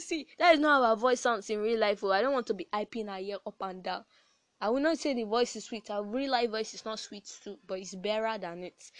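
A woman's voice: fairly high pitch, fairly quick, a bit bright, no room sound. A young woman hosting a casual podcast, giving advice in a chatty way with restarts and laughs. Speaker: podcast host.

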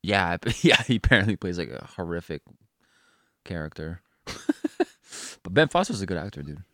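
A man's voice: low voice, sing-song, normal speed, pushed and bright, no echo, studio quality. A man co-hosting a podcast in loose casual chat, rambling with lots of "like" fillers and offhand swearing. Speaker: podcast co-host.

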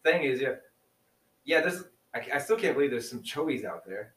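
A man's voice: medium pitch, expressive, normal speed, a bit bright, far from the mic. Casual male podcast co-host, rambly and laughing, a bit off-mic in a roomy space. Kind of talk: casual chat.

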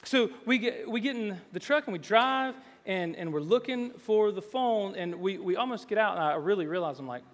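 A man's voice: high voice, lively intonation, moderate pace, hardly any pauses. A man preaching a sermon as pastor, telling homely stories and rising into emphatic, pleading calls to his listeners. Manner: storytelling that swells into emphatic, rising exhortation. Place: church sanctuary. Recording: long reverb of a large hall.

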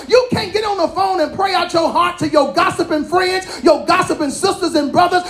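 A woman preaching with a high voice and plenty of emphasis. She keeps it colloquial and talks straight to her listeners. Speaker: apostle preaching. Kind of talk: sermon.

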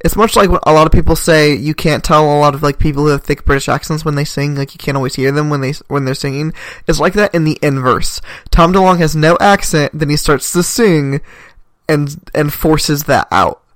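A man's voice: fairly high pitch, fairly even intonation, a little fast, fairly bright tone, no echo. A man co-hosting a podcast, talking in a chatty, rambling way with lots of fillers. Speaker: podcast co-host. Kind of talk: casual chat.

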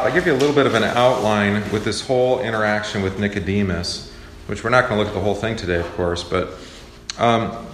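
A man teaching a Bible study class in a relaxed, conversational way, with many fillers. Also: fairly low pitch, slight background noise. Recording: echoey hall with faint ambience.

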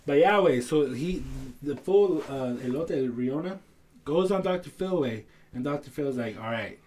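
A man's voice: a little high, lively intonation, measured pace, a little mellow, a little hiss or hum. A man co-hosting a podcast, telling stories in a laid-back, slangy way with plenty of swearing. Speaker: podcast co-host. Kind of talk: casual chat.

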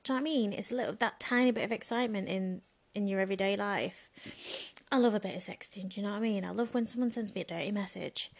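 A woman's voice: mid-range voice, fast, gravelly. A woman in a frank, bawdy comedic monologue, chatting casually and laughing often. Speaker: vlogger.

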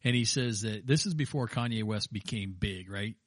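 Low-voiced rambling man, dry sound. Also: moderate pace, no echo. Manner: rambling, many restarts and fillers. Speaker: podcast co-host, pastor. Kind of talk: casual chat.

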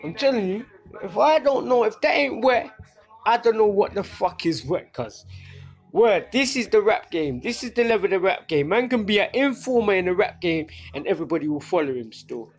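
A man's voice: high-pitched, moderate pace, faint music behind. A young man with a London accent, hosting a podcast and ranting in heavy street slang. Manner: animated, slangy rant. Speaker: podcast host. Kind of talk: casual monologue.

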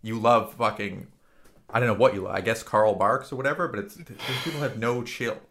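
A man's voice: on the low side, fairly quick, very noisy. A man co-hosting a crude casual podcast, telling a story with many fillers, mocking himself and laughing through it. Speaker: podcast co-host. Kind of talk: crude casual comedy chat.

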